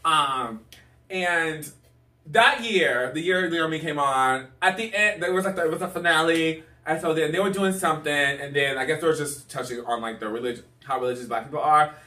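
A man telling a rambling, animated personal story in casual chat, laughing often. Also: fairly high pitch, normal speed. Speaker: guest storyteller. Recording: roomy sound from a distant mic.

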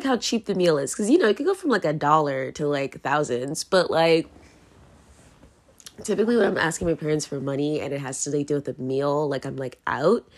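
A young woman talks casually into her podcast mic from her bedroom. Her voice sits a little low, and she rambles through fillers with self-mocking asides. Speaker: podcast host. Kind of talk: casual confessional monologue. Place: bedroom, at home.

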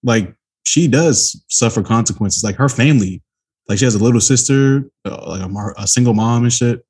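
A young man co-hosting a podcast, talking in a relaxed, blunt, rambling way in casual chat. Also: medium pitch, moderate pace, husky. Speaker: podcast co-host.

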